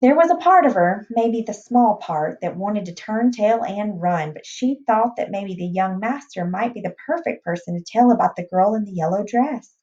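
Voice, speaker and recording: A woman reads a novel aloud at a medium pitch, plain and unhurried, with small restarts. The sound is dull and muffled, like a lo-fi recording. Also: animated, a little mellow. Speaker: reader.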